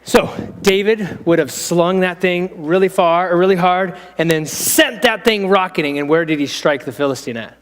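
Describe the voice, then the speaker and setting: Man, pastor, playful children's storyteller, high voice, long hall reverb. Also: normal speed, few pauses. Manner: playful, draws in listeners and helpers. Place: church hall.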